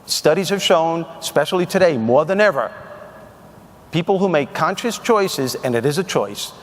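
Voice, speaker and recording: A man's voice: fairly high pitch, lively intonation, normal speed. A man on stage delivering a comedic motivational keynote to an audience in a large hall, punchy and emphatic. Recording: reverberant hall.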